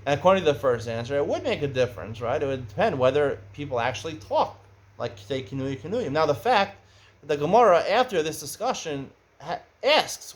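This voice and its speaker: Speaking in a fairly high pitch, a middle-aged man teaches a Talmud lesson. His tone is conversational, and he becomes animated when raising questions.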